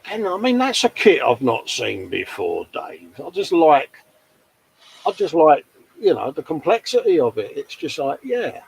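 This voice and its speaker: A man's voice: a little high, wildly swooping pitch, a little slow, gravelly, slight background noise, rough recording. Friendly male host, easygoing chat, leans on "mate" and tag questions. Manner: chatty, matey, full of tag questions. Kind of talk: casual live-stream chat.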